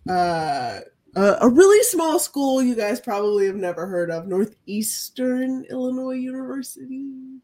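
A young woman with a somewhat high voice co-hosts a casual chat among friends. She jokes in a playful, dry way and keeps an easy conversational tone. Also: very animated, a little slow, darkish tone. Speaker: podcast co-host.

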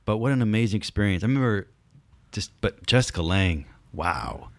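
A middle-aged man, an actor, telling stories in a casual chat, animated and swearing, acting out quotes in other voices. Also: fairly low pitch, brisk, no room sound.

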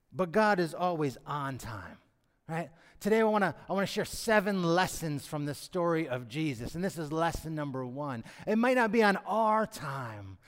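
A man preaching a sermon who acts out the pleading voices of the characters in his story. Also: high voice. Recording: long hall reverb.

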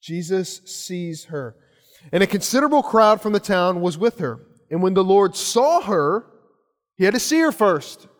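A man's voice: high voice, very animated, moderate pace, long reverb tail. A man preaching a sermon as pastor, earnest, often repeating his phrases and restarting.

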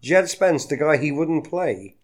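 A man's voice: a little high, lively intonation, measured pace. A man co-hosting a podcast in a bar, chatting casually and giving blunt, opinionated takes. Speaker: podcast co-host, bar's director of football. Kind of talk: casual chat. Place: bar in San Diego.

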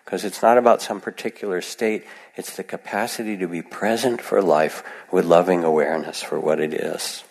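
Male meditation teacher, gentle and reflective; very low gravelly voice, long hall reverb. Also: fairly even intonation, normal speed, few pauses. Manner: gentle, reflective, with soft acted asides. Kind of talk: dharma talk.

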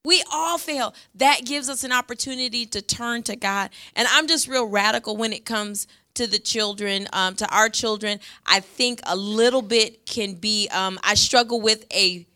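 A woman's voice: mid-range voice, fairly even intonation, normal speed, few pauses, bright, forceful tone, clean tone. A middle-aged woman pastor preaching a sermon in a church, emphatic and passionate, her voice swelling as she makes her points.

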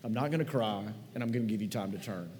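A man's voice: on the low side, fast, a little mellow, slight background noise. A man preaching a sermon as pastor, telling church memories in a conversational, folksy, sentimental way in a large church hall. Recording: long hall reverb.

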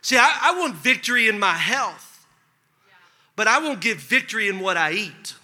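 A male pastor preaching a sermon, telling a story with lively acted-out dialogue. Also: high-pitched, normal speed. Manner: animated storytelling, acts out dialogue. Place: church sanctuary. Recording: long hall reverb.

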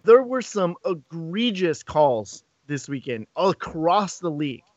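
Male podcast co-host, upbeat and rambling, slightly high voice, dull dry recording. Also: takes it slowly, no echo. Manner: animated, repeats words when starting sentences. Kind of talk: casual chat. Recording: dull lo-fi sound.

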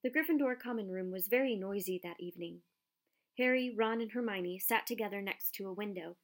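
Woman narrator, storybook audiobook, measured and expressive, mid-pitched.

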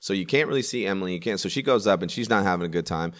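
A man who works as a stand-up comedian, telling a story in casual chat, animated and full of restarts. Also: low-pitched, rapid-fire. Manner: animated, acts out quoted voices, many restarts and laughs.

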